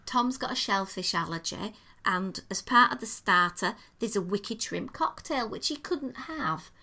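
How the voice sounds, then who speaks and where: A woman's voice: medium pitch, animated, a little slow, vocal fry, bright, forceful tone. A woman co-hosting a podcast, chatting her way through a restaurant review with detailed, enthusiastic description. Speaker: podcast co-host. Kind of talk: casual chat, restaurant review.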